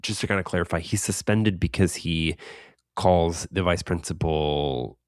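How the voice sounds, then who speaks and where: A man with a very low voice trades wry, teasing quips on a podcast. He speaks casually and picks apart a film's details. The recording is dry and close. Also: a little slow, no room sound. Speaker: podcast co-host. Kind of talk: casual chat recapping a film.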